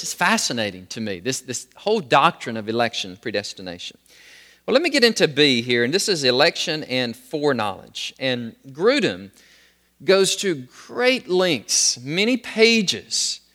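A middle-aged man teaching a Bible doctrine lesson in a sermon style, rising sharply in pitch when he reads scripture aloud. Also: fairly bright tone, long reverb tail.

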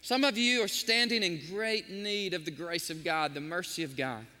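A man pastor preaching a sermon, telling stories in an animated, emotional way. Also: sits high, moderate pace, in a large hall. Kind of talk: sermon with storytelling. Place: church sanctuary.

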